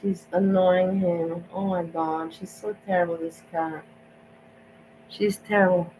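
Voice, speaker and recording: A woman's voice: lowish voice, fairly even intonation, a little slow, mellow, slight background noise, rough recording. A woman hosting a casual livestream, greeting viewers and ranting in a chatty, mocking way. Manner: chatty, mocking, exasperated rants. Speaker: livestream host. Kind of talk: casual chat with live chat viewers.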